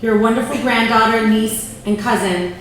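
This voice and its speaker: A woman's voice: fairly high pitch, fairly even intonation, normal speed, a little hiss or hum. A woman in her forties, a mother giving a proud, prepared speech to her daughter from notes in a large banquet room. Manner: warm, proud, reading from notes. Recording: echoey hall from far off.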